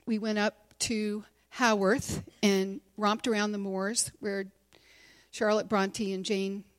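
A woman's voice: medium pitch, flat delivery, slow. A middle-aged woman speaking candidly to a women's gathering, sharing a personal testimony in a conversational way with many fillers. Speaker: conference speaker and teacher.

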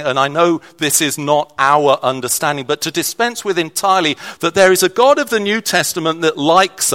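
A man's voice: on the high side, pushed and bright. A man preaching a sermon in a conversational way, with restarts and shifting emphasis.

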